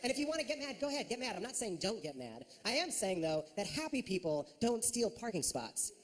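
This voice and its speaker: Lively male stand-up comedian. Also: a little fast. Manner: animated, jumps into high shrill voices for impressions. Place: comedy stage.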